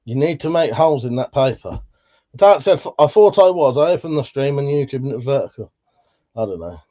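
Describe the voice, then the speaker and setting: A man with a Buckinghamshire accent hosting a livestream, reading out chat in a relaxed, sweary way, laughing often, his voice slightly worn. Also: medium pitch, fairly quick, highs cut off. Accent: Buckinghamshire English. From England. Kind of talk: casual chat.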